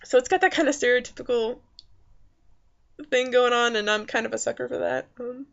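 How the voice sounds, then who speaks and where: A woman's voice: on the high side, fairly even intonation, a little fast, creaky, lo-fi sound. A woman giving a casual spoken movie review, rambling with many fillers and restarts. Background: faint background noises.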